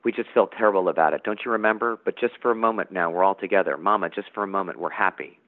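A man's voice: sits low, quick pace, natural voice. A man reading an anguished young dead woman. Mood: pleading. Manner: pleading, tearful. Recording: tinny phone-like line.

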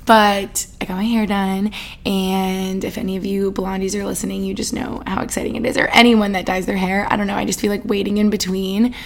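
A woman's voice: mid-range voice, flat delivery, fairly quick, creaky. A young woman in her twenties from the Boston area, hosting a casual solo podcast, chatty and giggly, with lots of fillers. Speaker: podcast host.

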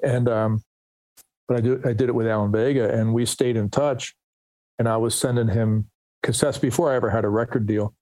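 Middle-aged male musician guest; casual anecdotal storyteller, mid pitch, dry recording. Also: fairly even intonation, brisk, mellow, dry recording. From New Jersey, USA. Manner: rambling, restarts, quotes others in anecdotes.

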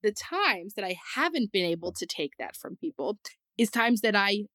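A woman's voice: mid-range voice, sing-song, moderate pace, pushed and bright, dry recording, studio quality. A woman co-hosting a podcast in casual chat, chatty and laughing often, with lots of "like" fillers. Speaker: podcast co-host.

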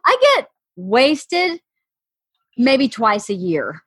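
A woman's voice: fairly high pitch, big pitch swings, drawn-out words, breathy edge. A woman with a Southern accent, chatting and laughing as a podcast guest, self-mocking and chatty. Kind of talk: casual chat.

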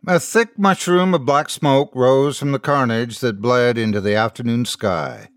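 A man's voice: mid-range voice, measured pace, smooth, no room sound. A man narrating a scripted horror story as host, in a dry, close recording. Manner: storytelling, expressive.

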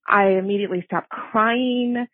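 A woman's voice: medium pitch, fairly even intonation, unhurried, no room sound. A woman in her fifties, a caller leaving a voice message, tells a personal story in a nervous, earnest way and laughs at herself. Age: 50s. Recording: tinny phone line.

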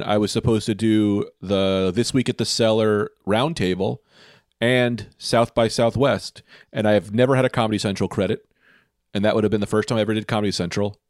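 A man who is a stand-up comedian, a guest on a podcast, telling stories in a rambling, animated way. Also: lowish voice, no echo, studio quality. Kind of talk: casual podcast chat.

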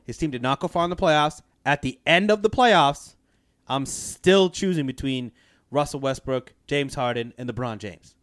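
A man's voice: mid-range voice, normal speed, a bit bright, dry recording, clean studio sound. A man co-hosting a sports podcast who argues his points bluntly and swears freely. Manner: blunt, profane, argumentative. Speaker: podcast co-host. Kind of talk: casual sports chat.

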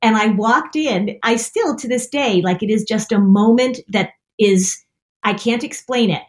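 A woman's voice: on the high side, unhurried. A woman guest on a podcast, telling embarrassing stories about herself with plenty of laughter. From New England, United States. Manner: self-deprecating storyteller, laughs a lot. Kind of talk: casual podcast chat.

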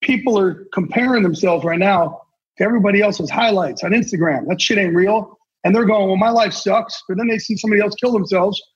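A man's voice: sits high, brisk, husky. A man guesting on a podcast, talking intensely and earnestly with salty language. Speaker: guest, sportswriter and NFL insider. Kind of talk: casual podcast conversation. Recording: dull lo-fi sound.

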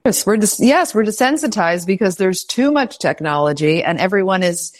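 A woman's voice: mid-range voice, expressive, normal speed, no room sound, clean studio sound. A woman in casual interview chat, agreeing briefly and speaking earnestly.

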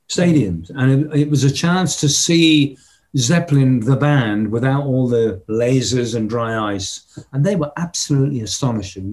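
Older guy telling an old tour story, kinda high voice, gets emotional, hums the beats. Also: a little mellow. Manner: reminiscing, emotional, hums rhythms. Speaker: rock drummer guest. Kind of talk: storytelling in conversation.

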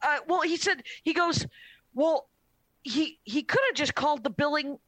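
A woman comedian casually telling a long, animated story on a podcast, often quoting her dad. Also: sits high, normal speed, dry recording. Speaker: comedian guest.

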